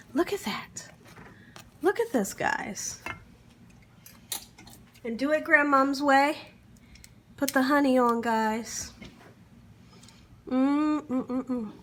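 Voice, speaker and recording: Her voice sits high, with a little hiss or hum in the recording. As the enthusiastic host of a home cooking channel, she films in her kitchen, keeps calling her viewers "guys," and hums each time she tastes.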